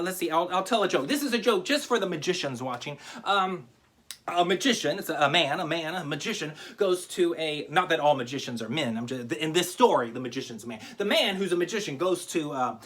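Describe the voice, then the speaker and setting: A man's voice: sits high, bright, forceful tone. A man giving a comic magic lecture to camera, teaching a trick while joking, rambling and interrupting himself. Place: home video recording.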